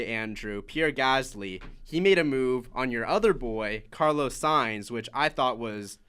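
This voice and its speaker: A man talking through a race recap on a casual podcast, loose and chatty, leaning on "like" as he goes. His voice comes across smooth and resonant, at a middle pitch. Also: a bit bright. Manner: chatty, many "like" fillers, recapping laps. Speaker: podcast co-host.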